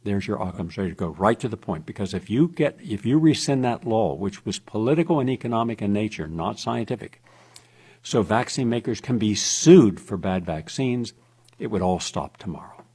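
A man with a husky, somewhat low voice holds forth on talk radio. His delivery is emphatic and insistent, pressing each point home. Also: lively intonation, normal speed, a little mellow. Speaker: radio host.

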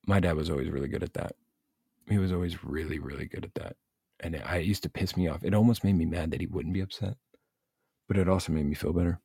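Man, very low gravelly voice, husky, blunt and profane, casual coaching rant. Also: fast, no room sound, studio quality. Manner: blunt, profane, animated venting.

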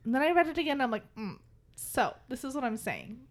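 A woman's voice: sits high, sing-song, fast. A woman in her thirties co-hosting a casual book chat, reading passages aloud and joking, swearing casually and laughing often.

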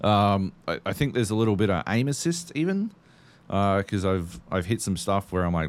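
Deep-voiced man, sweary and rambling. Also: big pitch swings, moderate pace. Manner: swears constantly, rambling storyteller. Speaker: podcast co-host. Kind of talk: casual gaming chat.

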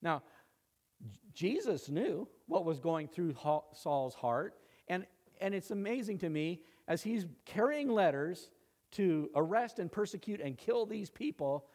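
A man's voice: high-pitched, animated, unhurried, a little mellow. A male pastor preaching a sermon, dramatic and conversational, acting out quoted lines and making asides. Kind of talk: expository sermon.

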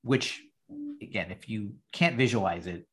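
A man's voice: lowish voice, a little slow. A man hosting a podcast, chatting casually as he recaps a sitcom scene. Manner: animated, acts out lines in the retelling. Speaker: podcast host.

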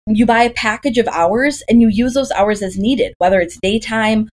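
Chatty woman telling lively stories. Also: on the high side, moderate pace. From Green Bay, Wisconsin, USA. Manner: chatty, lively storytelling with rhetorical questions. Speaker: doula, podcast guest. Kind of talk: casual podcast conversation.

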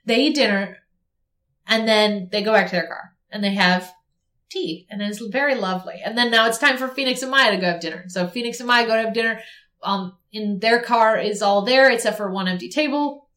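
A woman's voice: fairly high pitch, brisk, fairly bright tone. A woman casually retelling a story with a co-host, acting out the characters' lines as she goes. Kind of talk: casual chat. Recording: roomy echoey recording.

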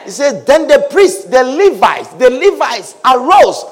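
High-voiced preaching man, fervent sermon. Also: very animated, unhurried. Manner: preaching with loud shouted repetitions, swinging from quiet to loud. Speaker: pastor.

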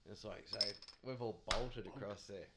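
A man's voice: lowish voice, normal speed, heavy background noise. A man, a podcast guest telling cricket anecdotes in a rambling, chatty way, laughing often.

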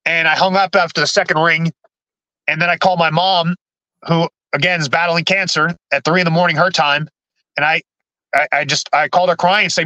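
A man with a high, sharp, bright voice shares his personal story as a podcast guest. He talks haltingly, often restarting and repeating words before pushing on. The sound is dry and close, with no room around it. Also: fairly even intonation, no room sound, poor audio.

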